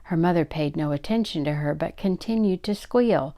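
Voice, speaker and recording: An older woman reading a children's story aloud, expressive and giving the characters their own voices. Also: sits low, normal speed.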